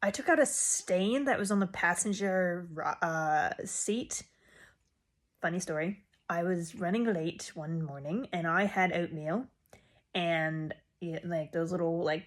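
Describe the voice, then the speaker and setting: A young woman vlogger telling a rambling story casually to a phone camera. She jumps in volume and pitch when she quotes herself. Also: moderate pace. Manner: animated and rambling, with sudden loud jumps when quoting herself.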